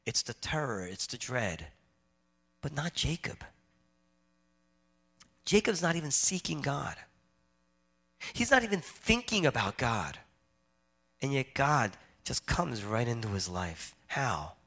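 A man preaching a sermon, swinging between loud emphatic stretches and hushed, quiet ones. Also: mid-range voice, sing-song, takes it slowly, pauses often. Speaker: pastor.

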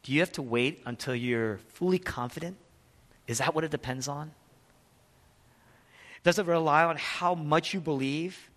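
A male pastor preaching a sermon, emphatic, asking questions and answering them, and swinging from loud passages to hushed ones. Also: on the high side, normal speed, long pauses. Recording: long reverb of a large hall.

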